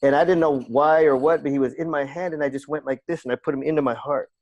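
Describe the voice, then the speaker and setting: A man's voice: fairly high pitch, steady tone, fast, darkish tone, muffled recording. A man, a podcast guest and coach, telling a personal story in an earnest, reflective way and repeating phrases for emphasis.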